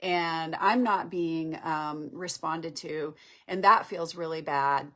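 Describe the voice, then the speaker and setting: A woman's voice: low voice, slow, fairly bright tone. A woman acting out an upset girlfriend who pleads and protests to be heard. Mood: pleading.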